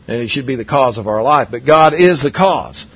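A man's voice: mid-range voice, lively intonation, normal speed, fairly bright tone, no echo. A man preaching a Bible lesson in a conversational way, asking his listeners questions and often restarting his sentences. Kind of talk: Bible teaching sermon.

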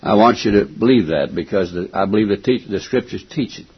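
An older man preaching a folksy, emphatic sermon, stopping now and then to clear his throat and going back over his words. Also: lowish voice, fairly quick. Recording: dull lo-fi recording.

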